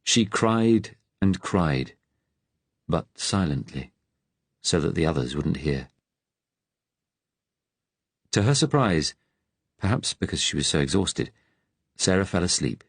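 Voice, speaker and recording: Deep low guy reading an audiobook, steady and measured, dry close mic. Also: slightly rough, no echo. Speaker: audiobook narrator. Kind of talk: scripted audiobook narration.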